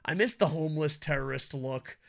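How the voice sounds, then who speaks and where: A man co-hosting a podcast in casual chat, loud and laughing, swearing through fast banter. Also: a little high, gravelly. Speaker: podcast co-host.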